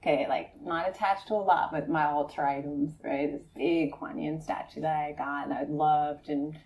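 A woman meditation teacher giving a conversational dharma talk to a live group, laughing often and checking in with her listeners. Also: normal speed. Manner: conversational, laughing often, frequent "right?" to the audience; animated storytelling, voicing friends in a high excited tone.

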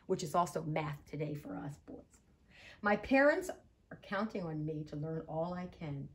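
Lady reading a kids' picture book out loud, takes her time, lots of expression. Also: lowish voice. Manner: slow, expressive read-aloud. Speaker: storytime reader.

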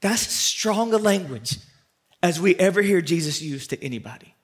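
A man pastor preaching a sermon, swinging from loud emphatic peaks down to quiet asides to the congregation. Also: animated, normal speed. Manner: preaches with sharp rises to loud emphatic peaks, then drops low and quiet.

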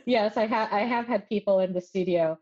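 A woman who runs a voice studio, speaking as a guest in a measured, articulate and friendly way. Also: medium pitch, darkish tone, lo-fi sound. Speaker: voice coach. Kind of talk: interview guest.

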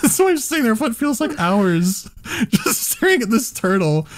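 A man's voice: very high-pitched, very animated, moderate pace. A man hosting a podcast, telling a story in casual chat, laughing often and swearing freely. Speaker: podcast host.

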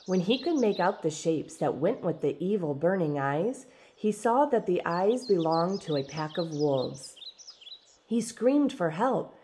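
A woman reading a children's storybook aloud in an expressive, dramatic way. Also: lowish voice, a little hiss or hum. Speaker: storybook reader.

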